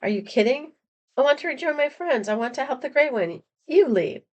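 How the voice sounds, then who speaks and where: A man's voice: very high-pitched, animated, a little fast, voice pushed up. A woman reading aloud the part of a wary, defiant young male prisoner in a storybook, in a plain voice close to her own.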